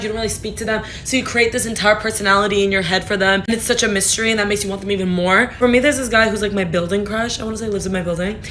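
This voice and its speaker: A woman's voice: medium pitch, a bit bright, slight background noise. Chatty young woman talking to her phone. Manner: chatty, frank, swears, lots of "like". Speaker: TikTok creator. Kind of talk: casual talk to camera.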